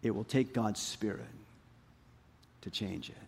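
A male pastor preaching a sermon, reading scripture and retelling it in an animated storytelling way that swings from loud to soft. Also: lowish voice, a little slow, creaky, slight background noise.

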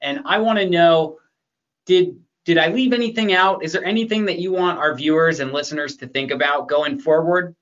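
A man's voice: a little high, moderate pace, a bit bright, highs cut off. A man hosting an interview show, affirming his guest with enthusiasm. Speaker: show host.

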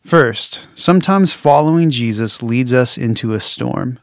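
A man's voice: mid-range voice, animated, measured pace, dry recording, clean studio sound. A male pastor giving a sermon in a candid, reflective and conversational way.

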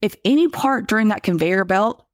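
A woman hosting a casual podcast livestream, talking in a lively, unscripted way. She restarts her sentences often and breaks off to answer viewer comments. Her voice sits at a middle pitch and sounds close and dry, with no room echo. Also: moderate pace. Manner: animated storyteller, frequent restarts, reads out viewer comments. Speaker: podcast host.

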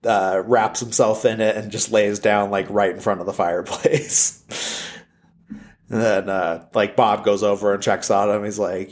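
A man's voice: lowish voice, steady tone, measured pace. A man casually retelling a film's plot, rambling with lots of fillers. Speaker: film plot recapper.

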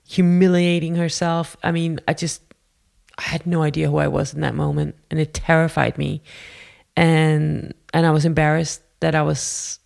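A woman telling a personal story in a candid, halting, self-deprecating way. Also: low-pitched, vocal fry, darkish tone.

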